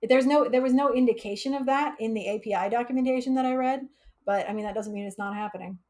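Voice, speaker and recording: A woman's voice: on the high side, fast talker, darkish tone. A woman hosting a casual live coding stream, chatty and laughing often as she reads chat aloud. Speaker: livestream coding instructor.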